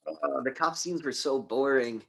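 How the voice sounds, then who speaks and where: A man's voice: mid-range voice, moderate pace, gravelly, fairly bright tone. A man co-hosting a casual movie review podcast, animatedly retelling scenes and swearing freely. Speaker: podcast co-host.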